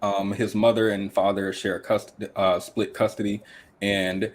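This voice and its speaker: Brief: male podcast host, lowish voice, emphatic and opinionated, casual panel chat. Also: level tone, measured pace.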